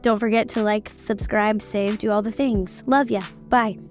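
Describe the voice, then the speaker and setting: A woman hosting a podcast in casual, enthusiastic chat, talking in quick bursts. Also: mid-range voice, steady tone, faint music behind. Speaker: podcast host.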